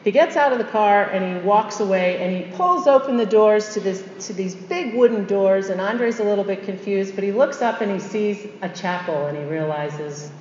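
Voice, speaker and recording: A woman's voice: medium pitch, moderate pace, hardly any pauses, a little mellow, a little hiss or hum. A middle-aged woman, a religious sister, giving an emphatic storytelling faith talk with conversational asides and repeated key phrases. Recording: echoey hall, dull muffled sound.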